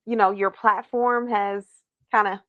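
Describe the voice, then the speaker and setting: A woman's voice: medium pitch, fairly even intonation, a little slow, dry recording, narrow, tinny audio. A woman interviewing a podcast host over a video call, asking probing questions in a casual, encouraging way. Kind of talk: casual conversation.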